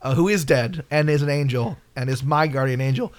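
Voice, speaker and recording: A man hosting a comedy podcast, excitable and profane as he pitches improvised ideas. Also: a little fast. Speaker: podcast host.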